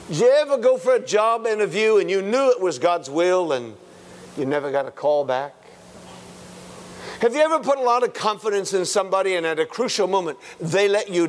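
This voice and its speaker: A man's voice: sits high, in a large hall, slight background noise. A man preaching a sermon as pastor, in a conversational way with folksy asides and rhetorical questions.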